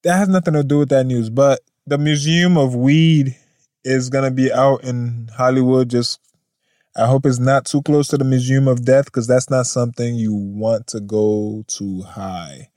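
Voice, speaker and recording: A man's voice: medium pitch, steady tone, moderate pace, dark tone, dry recording, clean studio sound. A man hosting a casual news podcast, laid-back and rambling, swearing and laughing often. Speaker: podcast host.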